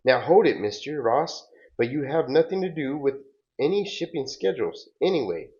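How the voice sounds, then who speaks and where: A man voicing a hurried, exasperated young woman, raising his voice above his usual register, on a dull recording. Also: mid-range voice, sing-song, a little mellow, voice pushed up. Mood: angry. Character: flustered young woman, art-world worker.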